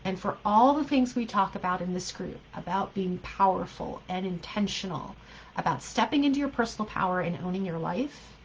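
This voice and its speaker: A woman's voice: medium pitch, highs cut off, slight background noise. Woman life coach, earnest group talk, emphatic and repetitive, mid-range voice. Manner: earnest, emphatic, repeats key phrases, laughs often.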